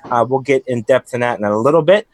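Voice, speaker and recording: A man hosts a podcast in an upbeat, easygoing way, padding his casual talk with fillers. His voice sits at an ordinary middle pitch. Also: fast talker, darkish tone, no echo. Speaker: podcast host.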